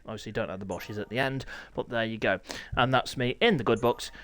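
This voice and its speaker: A man commentating a sim motorbike race live, excitable, jokey and self-mocking, his voice a little hoarse. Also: mid-range voice, a little fast, dry recording. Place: small home room called a commentary box.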